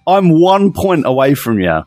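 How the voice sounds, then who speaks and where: A young man co-hosting a podcast, chatty and excitable, rushing his words in bursts. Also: fairly high pitch, no echo, faint music behind. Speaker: podcast co-host. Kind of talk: casual chat.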